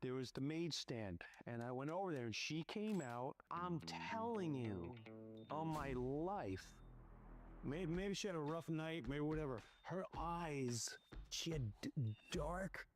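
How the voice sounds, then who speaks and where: A man casually telling a personal story in an animated, rushed way, often restarting his sentences. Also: on the high side. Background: music.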